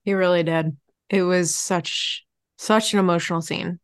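A woman co-hosting a podcast, recapping a TV episode in a relaxed, wry, casual chat. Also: lowish voice, a little slow, dry recording, studio quality. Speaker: podcast co-host.

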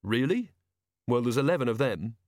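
A man's voice: medium pitch, animated, moderate pace, a little mellow, dry recording, close to an everyday voice. Dry practical young watchwoman, man reading the part, no frills, dry room. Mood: wry. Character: sharp-witted young woman, city watch officer. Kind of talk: audiobook character reading.

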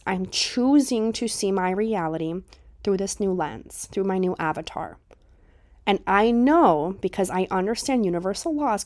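A woman's voice: medium pitch, darkish tone, no echo, studio quality. A young woman hosting a manifestation podcast, talking emphatically in rhetorical questions and casual swearing. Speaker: podcast host, manifestation coach. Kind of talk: motivational podcast monologue.

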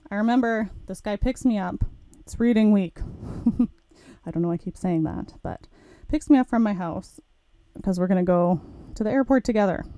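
Brief: woman host, candid storyteller, warm mellow voice, dry close sound. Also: medium pitch, no room sound. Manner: candid, frank, swears casually. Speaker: podcast host.

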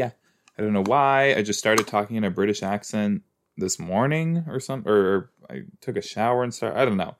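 A man's voice: fairly low pitch, normal speed, clean tone. A man hosting a casual watch-along podcast, rambling and questioning himself aloud as he goes. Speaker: podcast host.

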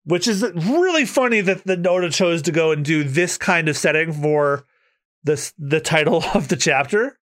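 A man's voice: on the high side, lively intonation, normal speed, a bit bright. A man co-hosting a podcast, chatting casually about manga he reads aloud, with lots of filler words. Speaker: podcast co-host.

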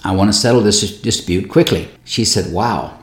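Man preaching, story-telling pastor, echoey room. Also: moderate pace. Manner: conversational, acts out quoted voices with lively pitch jumps. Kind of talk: sermon storytelling.

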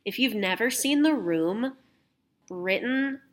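A woman's voice: fairly high pitch, animated, slow. A young adult woman hosting a podcast, telling stories in casual chat, laughing often and swearing casually. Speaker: podcast host.

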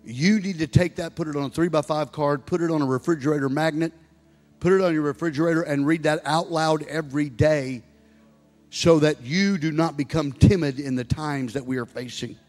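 Brief: man in his sixties, pastor, fairly high voice, preaching with long church reverb and soft music behind. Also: steady tone, a little fast. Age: 60s. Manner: preaching, rising to loud exhorting. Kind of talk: sermon. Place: church sanctuary.

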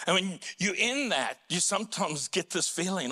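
A male pastor preaching a sermon in a church, earnest and deliberate, rising to impassioned cries when voicing prayers. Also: expressive. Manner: slow and deliberate, dropping low and quiet on personal points.

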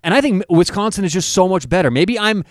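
Opinionated fairly high-voiced male co-host. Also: expressive, dry recording, studio quality. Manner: opinionated, self-deprecating, quick asides. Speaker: sports betting show co-host. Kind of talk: casual sports chat.

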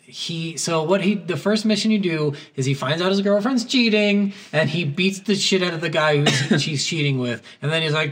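A young man with a slightly high voice chats about a video game, profane and animated, breaking into loud laughing impressions. He sits a little back from the mic. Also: normal speed, few pauses, distant mic. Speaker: podcast co-host. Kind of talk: casual game discussion.

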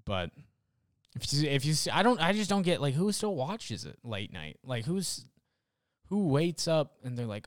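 Young man, casual rant, rambling and profane, smooth resonant voice, dry close sound. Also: fairly high pitch, very animated, normal speed, no room sound.

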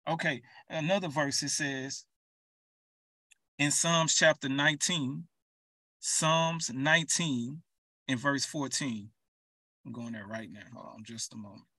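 A man's voice: medium pitch, a little slow, pauses often, sharp tone, breathy edge, dry recording, far from the mic. A man preaching an urgent, emphatic sermon, speaking straight to his listeners.

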